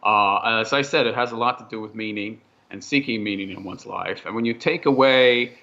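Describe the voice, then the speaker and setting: A man, a guest on a podcast, explaining his views in a measured, lecturing way. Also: lowish voice, gravelly, sharp tone, dull audio. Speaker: guest, channel host. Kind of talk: casual podcast chat.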